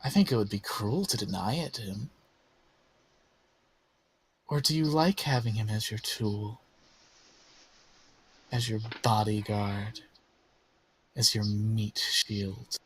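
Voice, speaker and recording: A man voicing a sinister female spirit who tempts and taunts in a soft, coaxing voice. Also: lowish voice, takes it slowly, pauses often, slight background noise, pitched below the performer's own voice. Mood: coaxing menace.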